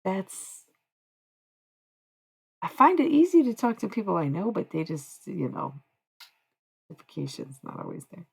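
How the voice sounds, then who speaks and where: Woman, livestream chat, husky raspy voice, blunt swearing, joking at herself. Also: mid-range voice, big pitch swings, a little slow, pauses often. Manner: candid, profane, self-mocking. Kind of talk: casual stream chat.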